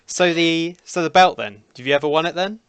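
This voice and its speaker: A man playing a tabletop game who asks things in a halting, questioning way. His voice is smooth and clean. The recording is dry and close. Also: on the high side, fairly bright tone, no room sound. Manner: hesitant, questioning. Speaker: player.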